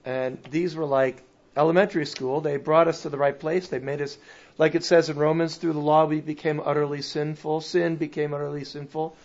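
A man's voice: a little high, level tone, fairly quick, dull audio. A man in a study group who makes his point with hesitant restarts. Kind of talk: casual discussion.

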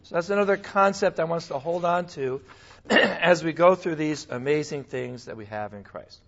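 A male pastor preaching a sermon in a conversational, animated way, with asides and small laughs. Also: a little high, moderate pace, gravelly, lo-fi sound.

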